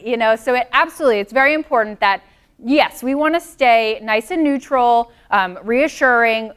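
Smooth-voiced woman teaching a dog seminar. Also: fairly high pitch, animated, moderate pace. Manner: friendly, explanatory, answers audience comments. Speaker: dog trainer. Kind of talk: presenting a live seminar.

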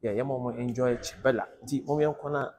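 Lively Ghanaian man vlogging. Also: mid-range voice, brisk, slight background noise, low-quality recording. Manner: lively, switches between Twi and English, repeats phrases. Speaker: vlogger presenting a youth footballer. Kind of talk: casual vlog commentary.

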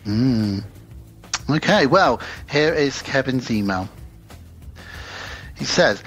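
A man's voice: mid-range voice, lively intonation, takes it slowly, long pauses, a bit bright, slightly rough, faint music behind. A British man co-hosting a casual podcast, chatting easily and reading a listener's email aloud. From United Kingdom. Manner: easygoing, chatty, laughs often. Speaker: podcast co-host.

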